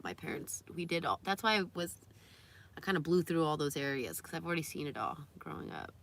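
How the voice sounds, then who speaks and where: A woman's voice: deep voice, sharp tone. A young woman chatting casually on a live stream, reading viewer comments aloud and cooing baby talk at her dog.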